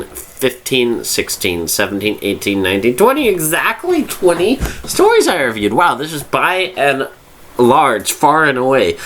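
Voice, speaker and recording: A man's voice: fairly low pitch, a bit bright, slight background noise. Tipsy man rambling through reviews. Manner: rambling, swears freely, loses his train of thought. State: drunk. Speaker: fanfiction review host. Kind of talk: casual rambling review monologue.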